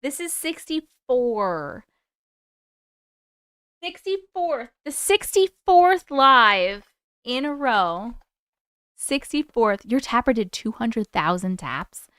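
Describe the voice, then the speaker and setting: Young woman streamer chatting w viewers, excitable, swears a lot, highish smooth voice. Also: takes it slowly, no echo, studio quality. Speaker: livestream host. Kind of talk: casual livestream chat.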